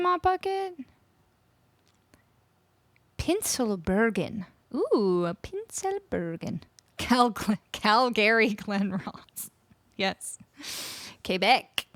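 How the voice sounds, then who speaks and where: A woman's voice: fairly high pitch, unhurried, pauses often, a bit bright, no room sound. A woman from Canada chatting casually on a live music stream, greeting viewers and reading out their chat messages. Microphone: studio microphone.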